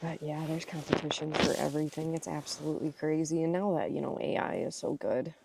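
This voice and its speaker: A woman's voice: deep voice, a little fast, creaky, distant mic, heavy background noise. A woman co-hosting a casual podcast from a boat on a marsh, telling family stories and acting out the voices she quotes. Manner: animated storyteller, acts out quoted lines. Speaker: podcast co-host. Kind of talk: casual chat.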